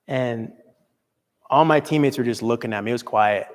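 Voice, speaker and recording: A young man, a motivational speaker, telling a personal story with earnest, dramatic swings between loud and soft. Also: medium pitch, normal speed, pauses often, in a large hall. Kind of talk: storytelling talk to an audience.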